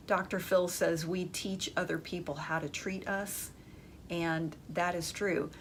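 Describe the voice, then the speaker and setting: A woman's voice: fairly low pitch, a little hiss or hum. A woman hosting an advice podcast, speaking emphatically and conversationally as she addresses her listeners directly. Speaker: dating advice host.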